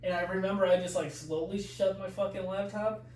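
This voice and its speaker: A man telling a profane, animated story as a podcast guest, with frequent laughs, recorded in an echoey room away from the mic. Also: high-pitched, a little fast, recorded from a distance, slight background noise. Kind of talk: casual storytelling.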